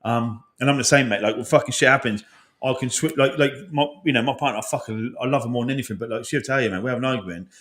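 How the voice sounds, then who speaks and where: Fast-talking man in his forties, swears a lot, rambles, very open about feelings. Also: mid-range voice, fairly bright tone. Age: 40s. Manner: swears often, rambling, emotional. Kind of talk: casual chat.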